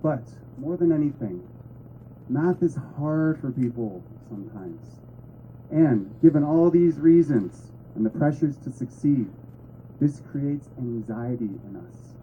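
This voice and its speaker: A man's voice: medium pitch, expressive, unhurried, highs cut off, a little hiss or hum. A man giving a talk to an audience in a conversational way with playful asides. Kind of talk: presentation to an audience.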